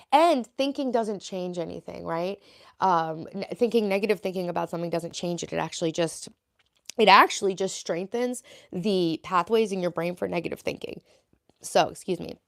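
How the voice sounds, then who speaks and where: Chatty young woman streaming live. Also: fairly low pitch. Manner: chatty, reads and answers chat aloud. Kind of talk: casual live stream chat with viewers.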